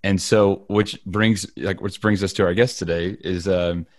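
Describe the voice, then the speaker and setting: A low-pitched man co-hosting a casual podcast, telling excitable, rambling stories full of ums and uhs. His voice is deep, and the recording is dry and close. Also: unhurried, no room sound. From United States. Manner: rambling and excitable, many fillers. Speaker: podcast co-host.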